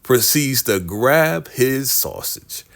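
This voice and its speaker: A man's voice: mid-range voice, slow pace, creaky. A man hosting a casual TV recap vlog, acting out the characters' lines. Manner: animated, acts out the characters' lines. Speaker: TV recap host.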